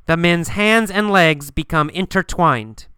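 A man teaching English pronunciation, telling a story slowly and repeating each phrase for learners to copy. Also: a little high, no echo. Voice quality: crisp, clear, bright voice. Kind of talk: slow, deliberate language-lesson storytelling.

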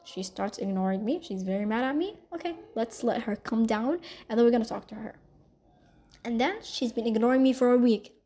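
A woman talks through a personal story in a mellow, warm voice. She rambles and gossips, checking in with "okay?" and filling gaps with "like". It plays as a casual podcast monologue. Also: on the high side, a little fast. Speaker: podcast host.

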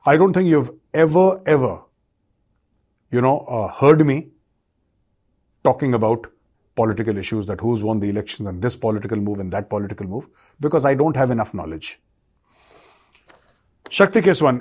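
A man's voice: mid-range voice, moderate pace, pauses often, a little mellow, husky. A man giving direct-to-camera commentary and answering viewer questions, emphatic and repeating his key points. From India. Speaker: defence commentator and show host.

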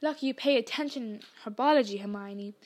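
A brave young boy wizard, urgent and commanding, as a woman reading aloud voices him, with a high, bright pitch. He takes charge quickly and does not hesitate. The lines come from a storybook read aloud. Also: lightly acted. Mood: steady.

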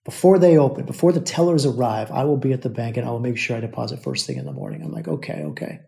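A man's voice: medium pitch, wildly swooping pitch, racing, creaky, mellow. A man hosting a podcast, telling a long personal story in a casual way, repeating phrases for effect and calling his listeners brothers. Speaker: podcast host.

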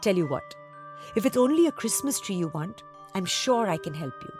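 Woman doing a storybook mom, soothing, patient, gently lively. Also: medium pitch, normal speed, faint music behind, natural voice.

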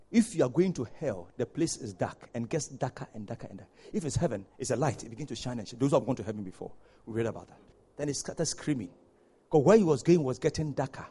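Male preacher, high and animated, husky tone, fiery sermon delivery. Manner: impassioned preaching, swings from hushed to shouting. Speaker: pastor.

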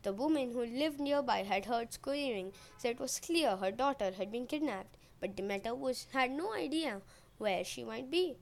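Storyteller, female, high voice; casual myth retelling with jokey asides. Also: expressive, moderate pace, creaky. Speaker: podcast storyteller.

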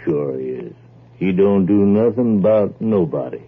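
A shiftless, bragging young husband in an old radio play, very deep and husky, drawling sullenly. The broadcast sounds thin and tinny, like a phone line. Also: male voice, lively intonation, moderate pace, full character voice. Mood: surly. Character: lazy boastful young husband, thuggish and idle. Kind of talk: 1940s radio acting.

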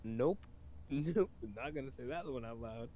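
A man's voice: mid-range voice, unhurried, mellow, a little hiss or hum. A young man co-hosting a podcast in casual chat on a voice call, blunt and incredulous with crude teasing. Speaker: podcast co-host.

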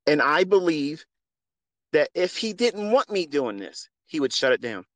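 Man, fairly high voice, earnest, preachy, swears, unscripted monologue, phone mic, dry close sound. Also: sing-song, a little slow, dry recording. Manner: earnest, preachy and profane, swings from quiet to loud. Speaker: trading mentor hosting a live audio space.

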